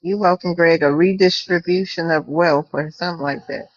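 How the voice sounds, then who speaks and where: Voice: mid-range voice, fairly even intonation, moderate pace, no echo, muffled recording. A speaker in a casual group talk, easygoing and teasing. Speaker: panelist.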